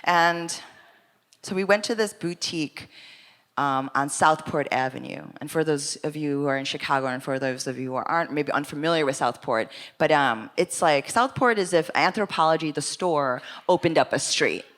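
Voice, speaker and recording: A young woman telling comic, self-deprecating stories on stage in a chatty, animated way with many asides. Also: low-pitched, moderate pace. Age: young adult. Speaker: storyteller at a live story slam. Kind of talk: comic stand-up storytelling. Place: stage before a live audience.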